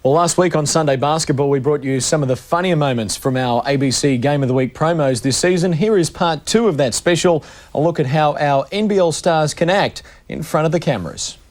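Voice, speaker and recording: A man's voice: a little high, a little fast, a little mellow. Man hosting a sports show. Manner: giggly, laughing. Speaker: studio host.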